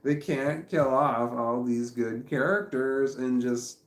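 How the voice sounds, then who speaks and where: A man's voice: mid-range voice, slow pace. Laughing, rambling man in an echoey room. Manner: rambling, laughs often mid-sentence. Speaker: vlogger. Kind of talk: casual storytelling.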